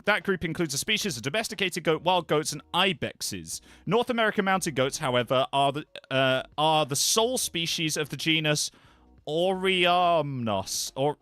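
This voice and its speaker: A man's voice: on the high side, pushed and bright, no room sound. A man live-streaming and chatting casually with his viewers, animatedly reading web pages aloud with offhand asides.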